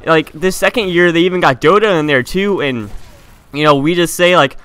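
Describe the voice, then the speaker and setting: A man's voice: on the high side, moderate pace, a bit bright, clear, resonant tone, no room sound. A teenage boy giving a heated, indignant opinion rant on his gaming channel, often stumbling and restarting his sentences. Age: teens. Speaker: gaming YouTuber.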